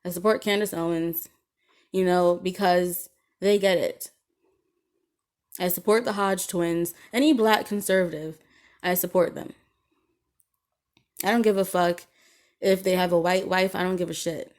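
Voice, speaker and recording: A woman talks alone on her podcast in a slightly low voice, airing grievances in a loose, indignant rant. She rambles, stops for frequent ums and restarts, and swears freely as she goes. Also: steady tone, a little slow, pauses often, darkish tone. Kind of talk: casual solo podcast monologue.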